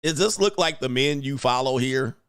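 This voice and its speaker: Loud mocking man reacting to clips. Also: mid-range voice, normal speed, clear, resonant tone, no echo, clean studio sound. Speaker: commentary host. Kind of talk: casual reaction commentary.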